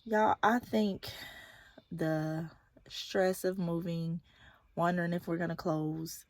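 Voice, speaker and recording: A woman's voice: lowish voice, fairly even intonation, takes it slowly, dry recording. A young adult woman, a nurse, chatting candidly in a casual vlog and sometimes dropping to a whisper. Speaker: nurse and vlogger. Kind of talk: casual chat. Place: at a kids' sports game.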